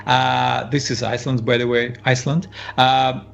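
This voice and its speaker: A man's voice: mid-range voice, little pitch movement, moderate pace, vocal fry, fairly bright tone, lo-fi sound, soft background music. A Russian man with a Russian accent, a guest chatting on a live stream, hesitant and repeating his words. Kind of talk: casual live-stream chat.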